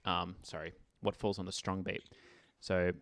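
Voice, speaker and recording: A man's voice: low-pitched, little pitch movement, moderate pace, creaky, background noise. A man teaching an online music theory session in a chatty way, speaking lyrics aloud to show rhythm. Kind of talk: online group lesson.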